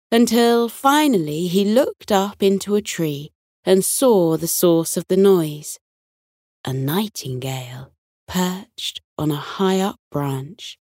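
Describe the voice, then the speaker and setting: A woman reads a children's bedtime story slowly and without hurry, her pitch gently rising and falling with the tale in a soothing, expressive way. The recording is close and dry, with no room sound.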